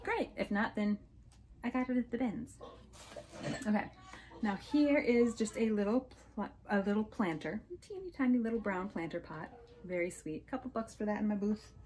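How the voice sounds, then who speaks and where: A woman's voice: mid-range voice, darkish tone. Woman, resale vlogger, chatty show-and-tell, gushing, hiccuping, faint background hiss. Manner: chatty, gushing over small finds. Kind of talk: casual show-and-tell haul.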